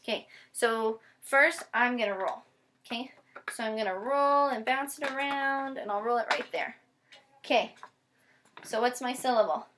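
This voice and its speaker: A woman teacher giving a patient one-on-one phonics lesson, modeling each step slowly and spelling words out letter by letter. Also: on the high side, a bit bright, a little hiss or hum. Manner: slow, deliberate modeling with frequent check-ins. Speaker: special education teacher.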